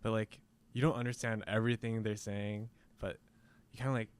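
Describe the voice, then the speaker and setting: A man's voice: fairly low pitch, flat delivery, fairly quick, clear, resonant tone. A man guesting in a radio interview, speaking in an easygoing way with lots of "like". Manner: easygoing, heavy use of "like". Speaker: band member guest. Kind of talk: casual interview talk. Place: radio studio.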